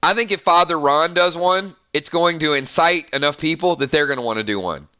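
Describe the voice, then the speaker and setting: Game host from the Southern US, hyper and rambling, bright pushy voice, fairly high. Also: male voice, clear, resonant tone. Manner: hyper, rambling, quick asides. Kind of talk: live game stream commentary.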